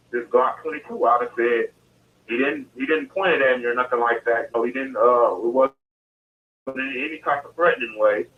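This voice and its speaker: A man recounts events to an interviewer in a casual, detailed way, often restarting and repeating his phrases. His voice sits in the middle range for a man. It comes through a tinny phone line, distant from the mouthpiece. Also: mid-range voice. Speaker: interview guest. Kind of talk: telling his story in detail. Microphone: phone call.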